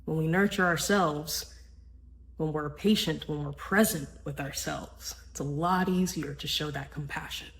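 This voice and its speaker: A woman's voice: sits low, steady tone, unhurried, gravelly, a little hiss or hum, rough recording. A woman hosting a spiritual self-help podcast, talking in an earnest, casual way with a frequent "right?" and the odd swear word. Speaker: podcast host.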